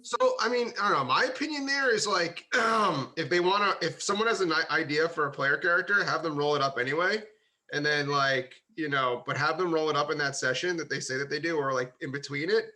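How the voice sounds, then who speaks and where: Brief: male co-host, somewhat high and bright voice, blunt jokey opinions, loose rambling chat. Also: fairly quick, low-quality recording. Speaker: podcast co-host, game master. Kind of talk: casual chat among friends.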